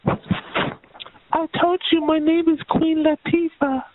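A woman's voice: extremely high pitch, little pitch movement, takes it slowly, no echo. A woman on a chat line, answering insults with a sassy, unbothered drawl. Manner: sassy, drawling, unbothered, calls everyone honey. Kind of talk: heated phone argument. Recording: dry tinny phone line.

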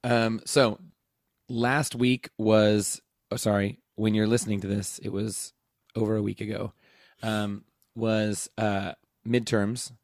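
A man's voice: lowish voice, flat delivery, slow pace, darkish tone, dry recording, clean studio sound. A man who works as a teacher, casually telling a rambling story and acting out the dialogue, laughing as he goes. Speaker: teacher and podcast host.

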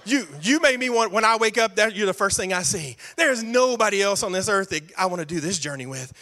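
Brief: man playing a sweet-talking old patriarch, drops to a low croon, bright edge. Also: expressive, a little fast, full character voice. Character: smooth-talking ancient male patriarch wooing his wife.

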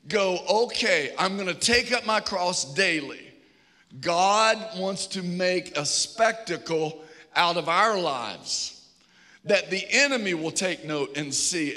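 High bright-voiced preacher man. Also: big-room sound. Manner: preaching to a congregation, urging and pleading. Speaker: pastor. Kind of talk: sermon.

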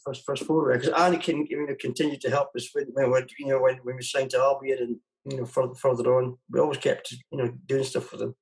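A man's voice: mid-range voice, level tone, brisk, gravelly, hardly any pauses, a little mellow, poor audio. A man being interviewed as a musician guest, talking casually and rambling with many restarts.

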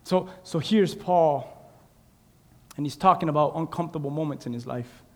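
A man preaching a sermon in a church, swinging between shouted, drawn-out lines and quiet, confiding asides. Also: a little high. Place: church sanctuary. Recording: long reverb in a large hall.

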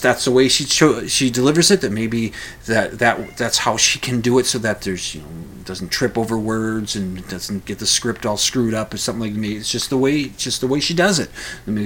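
A man hosting a podcast, delivering a casual solo monologue in a rambling, animated way with frequent restarts. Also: mid-range voice, breathy edge.

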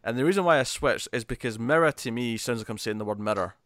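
Man, smooth resonant voice, dry close sound, casual podcast co-host, easygoing. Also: medium pitch, fast, a bit bright, no echo. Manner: easygoing, leads the segment, laughs readily. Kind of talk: casual comic book review chat.

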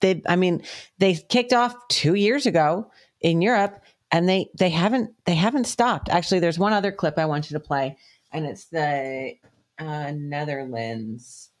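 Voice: medium pitch, unhurried. A podcast co-host talking casually about protests and asking for a clip to be played. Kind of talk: casual chat.

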